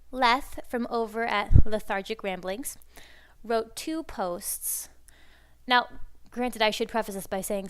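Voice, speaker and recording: A woman's voice: medium pitch, clean tone. A woman hosting a podcast in casual chat, rambling with bubbly fan enthusiasm. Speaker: podcast host.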